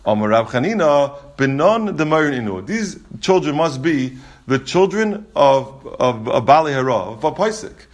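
A man teaching a Talmud class, reading out Aramaic passages and explaining them in English with quick repeated restarts. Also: fairly high pitch, big pitch swings.

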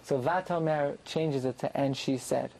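A man teaching a classroom Bible lesson, translating verse by verse and jumping up in pitch for emphasis. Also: unhurried, creaky, low-quality recording. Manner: animated, rises sharply in pitch for emphasis. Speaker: Torah teacher.

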